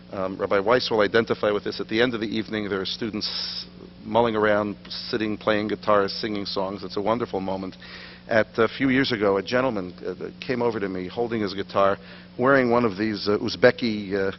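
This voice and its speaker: A middle-aged man, giving a lecture full of anecdotes and self-deprecating humor in a synagogue hall. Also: fairly low pitch. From New York, USA. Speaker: guest lecturer. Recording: dull lo-fi recording with faint hum.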